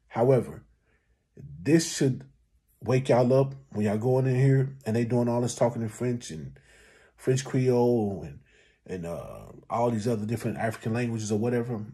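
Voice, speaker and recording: A man's voice: medium pitch, animated, moderate pace, warm tone, slightly rough. A man commenting on a clip, speaking directly to his listeners in a preachy, casual way.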